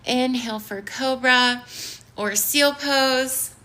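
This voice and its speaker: A woman teaching a live-streamed yoga class, giving slow, soothing cues and bubbly greetings to viewers. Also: high-pitched, sharp tone. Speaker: yoga instructor. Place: home studio in downtown Los Angeles.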